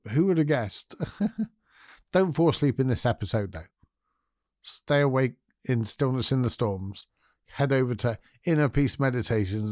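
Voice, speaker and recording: A man hosting his own podcast, talking in a gentle, candid way and thinking aloud. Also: medium pitch, no room sound, studio quality. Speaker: podcast host. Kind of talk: reflective solo podcast talk.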